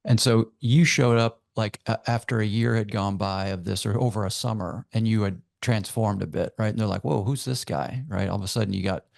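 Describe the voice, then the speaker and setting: A man's voice: on the low side, gravelly, dry recording, studio quality. A man hosting a podcast interview, asking encouraging follow-up questions. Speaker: podcast host.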